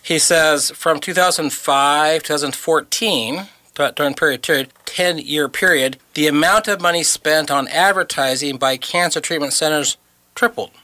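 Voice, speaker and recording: Man, radio co-host, bright forceful voice, explanatory, walks through numbers. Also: fairly high pitch, normal speed, no echo. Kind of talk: casual radio chat.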